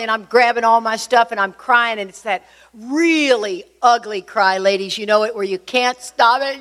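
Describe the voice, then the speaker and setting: A middle-aged woman telling a personal recovery story to an audience, in a lively, confiding way that speaks straight to her listeners. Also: on the high side, normal speed.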